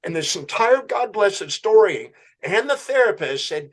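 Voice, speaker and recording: Telling a story on a podcast, a high-pitched man speaks at normal speed and brings the scene to life, performing a client's replies and the questions he himself asked.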